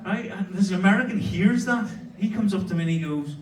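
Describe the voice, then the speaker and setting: A man's voice: sits high, brisk, darkish tone, roomy sound, recorded from a distance, a little hiss or hum, low-quality recording. A young man doing a profane stand-up comedy set and chatting with the crowd. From Ireland. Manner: profane, brash, laughing at his own jokes. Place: comedy club stage with a laughing audience.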